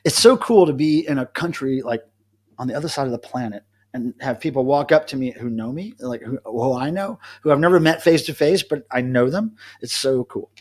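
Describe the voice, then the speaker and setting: A man's voice: medium pitch, a little fast, a little mellow. A middle-aged man rambling and joking with viewers by name as he hosts a casual live stream from home, alone. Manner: rambling, self-amused, chats to commenters by name. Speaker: livestream host.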